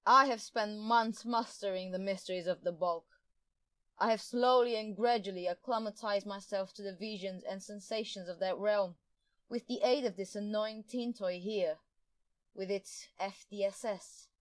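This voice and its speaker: A man's voice: sits high, steady tone, normal speed, fairly bright tone, clear, resonant tone, no room sound, pitched above the performer's own voice. A man voicing a gloating female Time Lord villainess who spits her words with scorn, in an audiobook reading. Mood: scornful.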